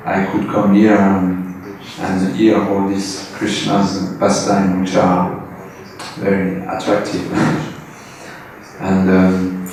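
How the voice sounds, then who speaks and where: A man's voice: sits low, completely flat delivery, extremely slow, darkish tone. A man giving hesitant thanks, often laughing. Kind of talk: heartfelt thanks. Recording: echoey hall, distant mic, faint noise.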